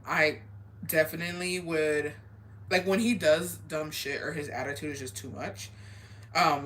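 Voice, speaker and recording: A woman's voice: low voice, sharp tone, a little hiss or hum. A young woman chatting casually and profanely as she answers viewer confessions, switching now and then into Spanish. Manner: profane, laid-back, slips between English and Spanish. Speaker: advice vlogger reading viewer confessions. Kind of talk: casual chat.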